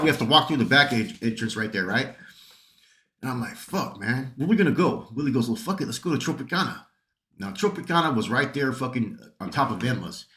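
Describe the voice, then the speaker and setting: A man's voice: mid-range voice, a bit bright, reverberant. A man casually telling a club story, rambling and swearing, often checking in with "right?". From San Jose area, California. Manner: profane, rambling, peppered with "right?". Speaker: channel host telling stories.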